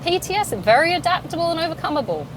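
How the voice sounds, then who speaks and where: A woman in her thirties hosts a podcast solo from her car, chatting casually as she drives, laughing a lot, swearing, and teasing herself. Her voice is very high and sing-song, she talks fast, and the background is noisy.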